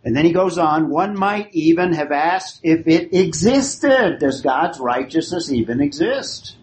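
Slow, emphatic male Bible teacher. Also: on the high side, animated. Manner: asks the class questions, then repeats their answers; emphatic, stretches key phrases. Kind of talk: classroom Bible lecture. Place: classroom with a live group. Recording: roomy hall recording, faint hiss.

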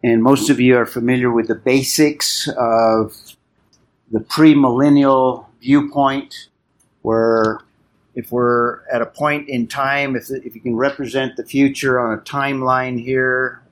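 Measured man teaching a Bible class. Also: medium pitch, fairly even intonation. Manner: measured and explanatory, questions the class.

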